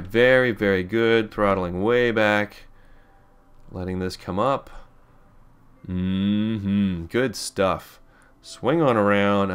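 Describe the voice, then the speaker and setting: A man's voice: lowish voice, smooth. A man from Pittsburgh chatting casually and rambling upbeat while commentating his own space game playthrough. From Pittsburgh, USA. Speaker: let's play host. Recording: faint background music.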